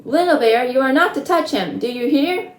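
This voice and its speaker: A woman's voice: high-pitched, animated, moderate pace, voice pushed up. A woman voicing an earnest young boy who pleads and scolds in a raised, urgent voice, in a roomy space. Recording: roomy echo.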